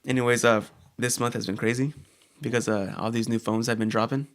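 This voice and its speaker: A man co-hosting a casual chat show, talking in a halting way with many fillers and restarts. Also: medium pitch, steady tone. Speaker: co-host.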